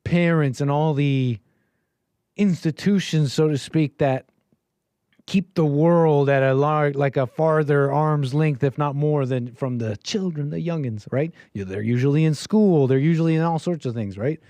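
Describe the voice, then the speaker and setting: Speaking at a measured pace in a warm voice on the high side, a man hosts a call-in livestream and comments on clips. His talk is casual and rambling, full of fillers, with a sarcastic, dismissive edge. There's no echo.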